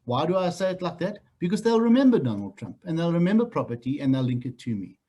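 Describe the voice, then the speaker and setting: South African trainer, middle-aged man, husky and fairly high, blunt and teasing delivery for group training. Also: quick pace. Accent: South African English. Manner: blunt, animated, teasing the room. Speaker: real estate trainer. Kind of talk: training talk to new agents.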